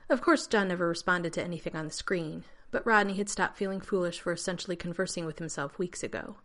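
A woman reading a story aloud in a steady, measured narration. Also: on the low side. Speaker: audiobook reader.

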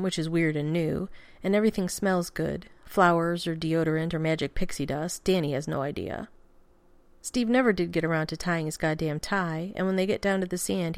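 Woman reading a story, low, dry. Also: dry recording. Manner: steady storytelling, casual swearing. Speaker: narrator. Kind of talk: reading fan fiction aloud.

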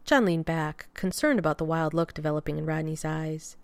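A woman narrating a fan fiction story in an even, expressive storytelling manner. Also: sits low, a little fast, vocal fry, clear, resonant tone, no room sound.

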